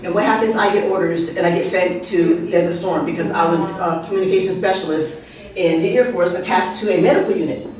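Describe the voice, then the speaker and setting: A woman's voice: fairly low pitch, brisk, a crowd in the background. Woman telling stories in an echoing room. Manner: chatty, with asides and rhetorical questions to the audience. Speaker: open mic speaker and author. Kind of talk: humorous personal storytelling. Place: art venue open mic. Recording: very echoey room, voice heard from a distance.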